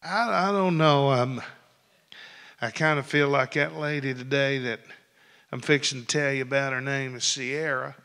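A male pastor preaching a sermon, telling folksy stories that build into loud preaching. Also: medium pitch, steady tone, normal speed. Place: church sanctuary. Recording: long hall reverb.

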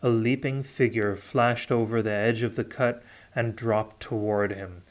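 Guy reading a fantasy book aloud, slow and steady, fixes his slips. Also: fairly low pitch. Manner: steady, with occasional self-corrections. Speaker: audiobook reader. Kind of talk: unrehearsed audiobook narration.

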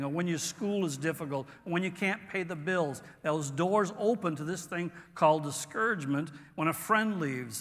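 A pastor delivers his sermon in a high, bright voice, earnest and halting as he restarts phrases. A long reverb from the church sanctuary trails behind every word. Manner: earnest preaching with pauses and restarts.

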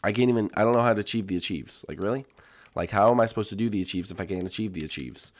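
A young man giving casual, excitable let's-play commentary to his viewers, jumping between gasps and chatter. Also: on the low side, racing. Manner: excitable, jumpy, talks to viewers as folks. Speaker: gaming YouTuber.

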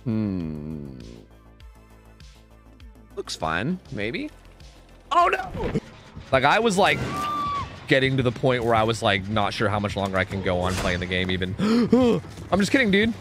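A man's voice: lowish voice, unhurried, long pauses, soft background music. A man streaming a game, chatting casually, joking and swearing a lot as he plays. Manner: excitable, swears a lot, jokey. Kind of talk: casual gameplay commentary.

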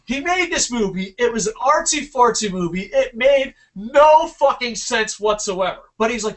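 A man's voice: very high voice, lively intonation, normal speed, few pauses, recorded from a distance. A young man from New Jersey co-hosting a casual podcast, telling long profane stories in a rambling way. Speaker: podcast co-host.

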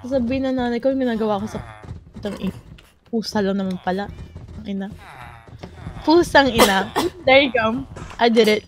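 A young Filipino woman with a Filipino accent, giving profane, dramatic commentary and shouting at animals in a game. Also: fairly high pitch, brisk, long pauses. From Philippines. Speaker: gamer. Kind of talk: casual gameplay commentary.

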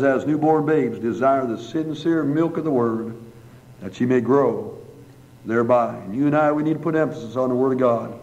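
A man's voice: on the high side, a little mellow. A man preaching a sermon in a church hall, then praying, with emphatic rising phrases and long repeated lists. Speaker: pastor. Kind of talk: sermon and prayer. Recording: dull lo-fi church recording.

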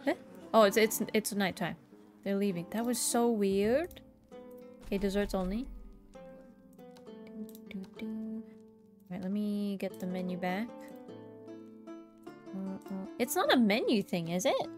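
A woman's voice: medium pitch, lively intonation, measured pace, long pauses, a little mellow, faint music behind. A woman streaming a game, chatting casually to herself in a playful, jokingly bossy way. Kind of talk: casual gameplay commentary.

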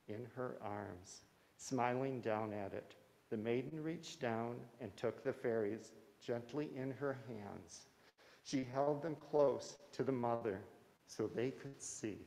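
A man reading a children's story aloud at a church service, gentle and measured. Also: mid-range voice, creaky, big-room sound. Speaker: story reader. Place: church sanctuary.

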